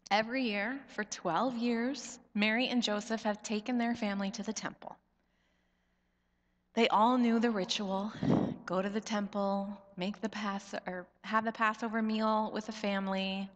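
A woman pastor in her thirties preaching a sermon, slow and reflective, her voice often dropping soft at the ends of phrases. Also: medium pitch. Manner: slow, reflective storytelling with soft drops in volume. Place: church sanctuary. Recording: long church reverb.

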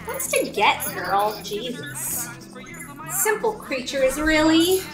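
A woman with a high voice talking to her stream while she plays, slow and unhurried. She grumbles, jokes sarcastically and swears freely, with game music playing clearly behind her. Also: very animated. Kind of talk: casual live-stream chat while gaming.

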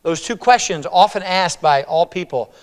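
A male pastor preaching a sermon, voicing a prophet's laments in loud, high, dramatic cries and praying in a softer, lower voice. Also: lively intonation, moderate pace, clean tone. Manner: soft, low prayer voice. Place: church sanctuary. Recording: long reverb of a church hall.

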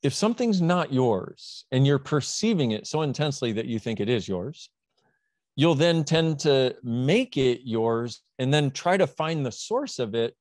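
A man as an interview guest, explaining his ideas in a lively, emphatic way and acting out little back-and-forth dialogues. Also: medium pitch, no room sound, clean studio sound. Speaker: guest, self-help author. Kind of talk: animated conversational explaining.

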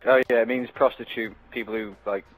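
A man's voice: mid-range voice, fairly even intonation, a little fast, slightly rough, soft background music, poor audio. A young man on a gaming headset, chatting casually and mocking others with sarcastic, swear-heavy banter. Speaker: gaming vlogger. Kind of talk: casual party chat.

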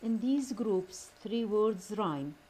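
Very slow-paced teacher, repeating words. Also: female voice, mid-range voice, lively intonation, mellow, husky, rough recording. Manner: slow, repeats each word several times; switches to Arabic to explain terms. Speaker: English teacher. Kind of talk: recorded classroom lesson.

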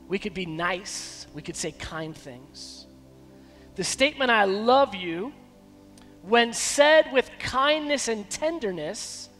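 A man preaching a sermon as pastor, emphatic, with dramatic pauses. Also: high-pitched, sharp tone, in a large hall. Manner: acts out quoted dialogue in shifting voices. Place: church sanctuary.

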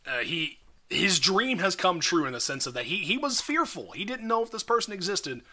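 A man running a tabletop game as dungeon master, narrating in a lively, animated way with many restarts. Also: sits high, normal speed. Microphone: podcast mic, slightly odd audio.

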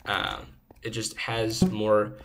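A young man with a lowish voice rambles in a playful, chatty way while gaming. His cheap desk mic picks up clear hiss and noise. It sounds like a casual home recording. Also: completely flat delivery, slow, a bit bright. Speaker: gaming channel host. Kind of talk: casual chat while playing. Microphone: low-quality desk microphone. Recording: noisy low-quality home mic.

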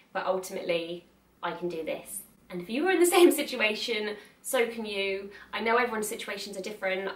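A woman's voice: on the low side, fairly bright tone, distant mic. A young woman talking candidly to camera in a chatty, earnest way, laughing often. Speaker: vlogger. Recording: echoey room, mic set back.

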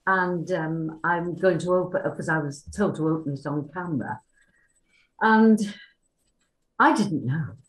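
A woman's voice: deep voice, a little slow, long pauses. Chatty older woman, roomy sound. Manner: chatty, full of fillers, acts out quoted dialogue. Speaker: former cast member. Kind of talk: anecdotal reminiscing. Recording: roomy echo.

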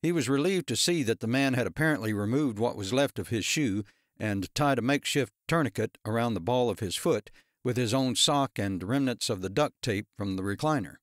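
A male audiobook narrator telling a thriller with steady, even storytelling. His middle-pitched voice is recorded dry and close. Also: a little fast, no echo. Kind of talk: scripted narration.

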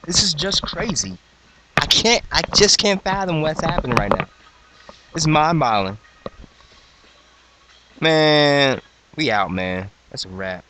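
Excitable young man hyping a rap crew, boastful and mock-dramatic, high-ish voice, noisy home recording. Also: takes it slowly, long pauses. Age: 20s. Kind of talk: hyped comedic freestyle intro.

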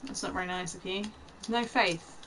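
A woman's voice: lowish voice, moderate pace, noisy background. A young woman streaming a game, commentating with a lot of swearing and taunting the enemies on screen. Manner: profane, taunting, talking to the game. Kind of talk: gameplay commentary.

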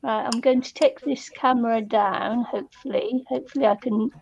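A woman's voice: fairly high pitch, fairly even intonation, moderate pace, vocal fry, a little mellow, husky. A woman from New Zealand with a New Zealand accent, hosting a craft livestream in casual, self-mocking chat and laughing often. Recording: lo-fi livestream audio with faint noise.

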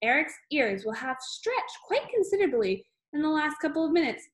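A woman's voice: high voice, sing-song, moderate pace, voice pushed up. Woman doing the Trunchbull, a bullying headmistress. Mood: gloating. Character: bullying huge female headmistress, harsh and scornful.

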